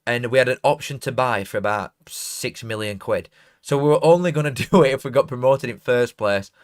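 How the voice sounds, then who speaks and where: Chatty South Yorkshire lad on a stream. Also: male voice, mid-range voice, fairly quick. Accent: Barnsley, South Yorkshire. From South Yorkshire, England. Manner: rambling, self-mocking, broad dialect grammar. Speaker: football streamer reading donations. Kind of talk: casual live watchalong chat.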